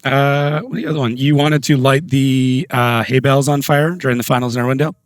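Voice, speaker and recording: A man's voice: mid-range voice, steady tone, brisk, no echo, studio quality. A man hosting a casual podcast chat, prompting his guest with short questions and replies. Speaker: podcast host.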